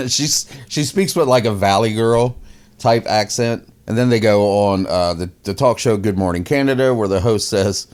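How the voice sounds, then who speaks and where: A man with a somewhat low voice hosts a casual commentary podcast. He mocks his subject with a sarcastic edge, laughs often and repeats his words as he talks. His delivery is loose and conversational. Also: normal speed, a little mellow.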